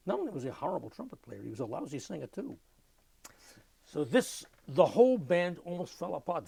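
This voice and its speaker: An older man, telling lively anecdotes in an oral history interview and mimicking sounds as he goes. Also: fairly high pitch, a little fast, vocal fry, slightly rough, no room sound. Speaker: interviewee, musician.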